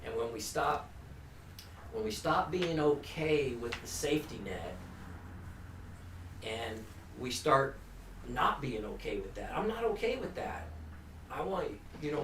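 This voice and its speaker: A man's voice: medium pitch, big pitch swings, unhurried, fairly bright tone. Earnest man lecturing in an echoey room. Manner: earnest, conversational, with repeated restarts and frequent "you know". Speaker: recovery counselor and presenter. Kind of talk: informal lecture to a family group. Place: meeting room. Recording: echoey room, distant mic, faint hum.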